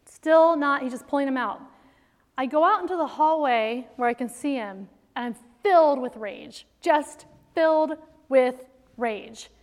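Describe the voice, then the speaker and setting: A middle-aged woman with a high voice tells stories to a room of mothers in a lively, faith-based talk. She laughs often and keeps things animated. Her voice rings with the long reverb of a large hall. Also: a little slow. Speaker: speaker to moms.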